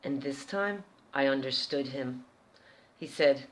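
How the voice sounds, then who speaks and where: Animated American woman telling a story. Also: very deep voice, slow pace. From United States. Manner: animated, expressive, chatty. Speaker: vlogger. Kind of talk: casual storytelling. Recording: roomy echo.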